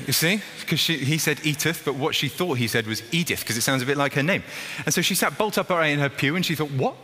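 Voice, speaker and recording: A man preaching a lively sermon, acting out a story in a playful, animated way. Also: on the high side, fast talker. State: out of breath. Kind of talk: lively sermon with acted demonstration. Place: church hall. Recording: echoey hall with faint noise.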